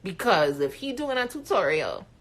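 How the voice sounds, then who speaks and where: A woman host chatting on a live show, frank and quick to swear. Her pitch swings widely and lively from phrase to phrase, at a middle height for a woman. She talks with loose, animated energy. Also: a little hiss or hum. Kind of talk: casual live chat show talk.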